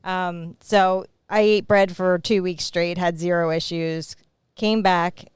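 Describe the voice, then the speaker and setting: A woman's voice: on the low side, fairly even intonation, slow, clear, resonant tone, dry recording, clean studio sound. A woman in her forties, a guest on a casual podcast, telling stories in a chatty way with lots of fillers. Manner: chatty storyteller with many fillers. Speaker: podcast guest, bakery co-owner. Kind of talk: casual chat.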